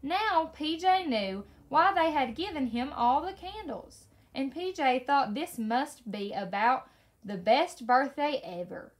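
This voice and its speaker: Reading a children's tale out loud, a female storyteller moves at an unhurried pace, her delivery expressive and her pitch full of life.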